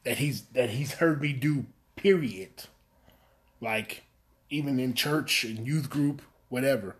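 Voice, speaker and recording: Speaking slowly, a male podcast host keeps the conversation casual, his delivery a flat, low-energy monotone. He wanders off a little and throws in jokes at his own expense.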